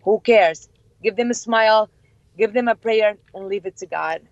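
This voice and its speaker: Lively young woman telling excited stories. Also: medium pitch, normal speed, no room sound. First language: Chaldean. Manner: animated, laughs often, acts out quotes. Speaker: guest. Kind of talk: excited storytelling. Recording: dull lo-fi, dry.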